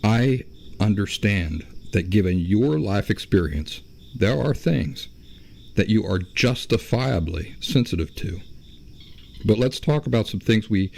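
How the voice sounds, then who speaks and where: Low gravelly man hosting a podcast. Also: lively intonation, darkish tone. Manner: measured, explaining, self-correcting. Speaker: podcast host. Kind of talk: solo podcast monologue.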